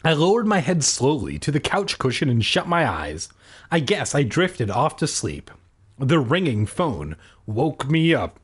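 A man's voice: medium pitch, sing-song, a little slow, breathy edge. A man reading a children's horror book aloud for comedy, breaking off for sarcastic and profane asides. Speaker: reader.

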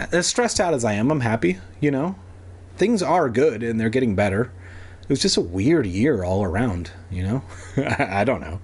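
A young man reading a children's horror story aloud as host, breaking off for joking asides. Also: mid-range voice. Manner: lively, joking, swears in asides.

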